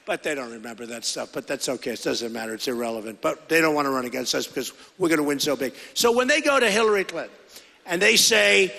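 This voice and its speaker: A middle-aged political candidate gives a rambling, repetitive campaign rally speech full of conversational asides into a podium microphone, in a large indoor rally hall with long, echoing reverb. His voice is a little high, creaky, pushed and bright, very animated and fast.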